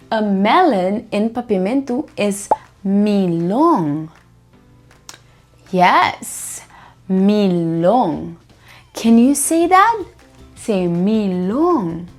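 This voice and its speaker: A woman teaching vocabulary to toddlers, prompting children to repeat each word slowly after her. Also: mid-range voice.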